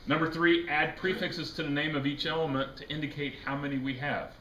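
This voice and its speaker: A man's voice: on the high side, fairly even intonation, fairly quick, sharp tone. A man teaching a chemistry class, lecturing casually, joking and quizzing his students. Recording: echoey classroom with faint noise.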